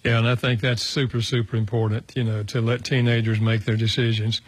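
A man's voice: medium pitch, flat delivery, a little fast, breathy edge, dry recording. An older man, a guest author, telling a personal story in an earnest, reflective way with many fillers and restarts. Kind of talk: conversational storytelling.

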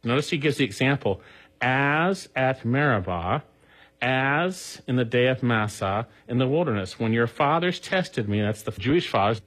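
A man's voice: medium pitch, a bit bright, slightly rough, low-quality recording. A male pastor preaching a sermon, earnest, with emphasis that rises and falls.

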